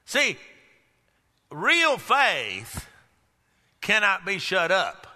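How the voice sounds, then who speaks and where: A man preaches in a high, very bright voice, taking his time and pausing between phrases. He builds to shouts and asks the congregation questions. His voice rings with the long reverb of a large hall. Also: wildly swooping pitch. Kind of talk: sermon.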